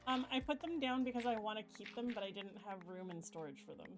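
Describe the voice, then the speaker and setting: A woman's voice: medium pitch, expressive, quick pace, music in the background, low-quality recording. A woman hosting a gaming video, chatting casually and explaining things in a rambling way with many fillers. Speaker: gaming channel host. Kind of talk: casual gameplay chat.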